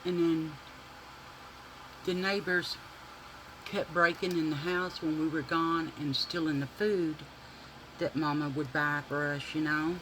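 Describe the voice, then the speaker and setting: A man telling a profane, animated childhood story to his viewers while doing makeup. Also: a little high, a little slow, pauses often, a little hiss or hum, poor audio. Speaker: beauty vlogger.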